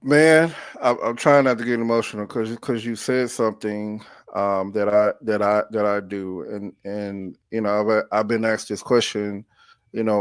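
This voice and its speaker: A man hosting a podcast, speaking haltingly and openly, often restarting his sentences. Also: on the low side, little pitch movement, clean tone, dry recording, clean studio sound. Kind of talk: casual conversation.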